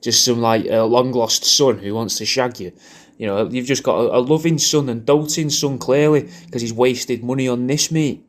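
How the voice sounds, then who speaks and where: Male comic, crude rambling birthday shout-out, average pitch. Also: steady tone, moderate pace. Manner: rambling, crude, jokey, repeats himself. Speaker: comedian recording a personalised video message.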